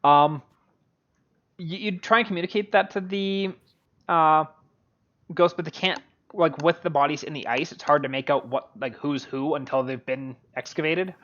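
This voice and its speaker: A man's voice: a little high, a bit bright. Guy running a tabletop game, ums and likes everywhere, muffled lo-fi sound. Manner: halting, full of "um" and "like". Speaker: game master. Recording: dull lo-fi audio.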